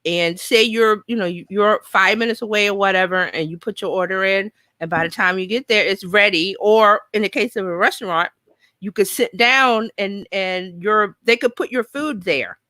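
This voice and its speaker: Chatty new york lady hosting, bright dry voice. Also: medium pitch, moderate pace, dry recording. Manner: chatty, thinks aloud, reads viewer comments. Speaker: host. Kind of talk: casual live show chat.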